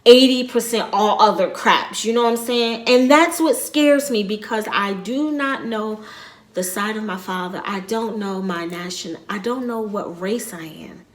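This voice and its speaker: A woman's voice: mid-range voice, measured pace. Rambling, earnest middle-aged woman vlogger. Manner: rambling, repeats herself, quietly earnest. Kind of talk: casual vlog storytelling.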